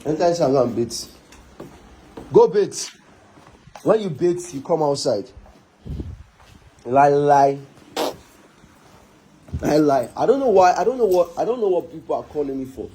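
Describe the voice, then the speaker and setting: A man's voice: on the high side, lively intonation, a little slow, pauses often, mellow, slight background noise, rough recording. A man with a Nigerian accent giving a heated online rant, scolding and exasperated, repeating himself again and again.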